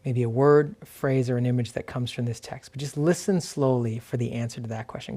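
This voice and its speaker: Gentle pastor reading scripture slowly. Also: male voice, mid-range voice. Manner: gentle, unhurried, reads scripture slowly with pauses. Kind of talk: reflective sermon with guided scripture meditation.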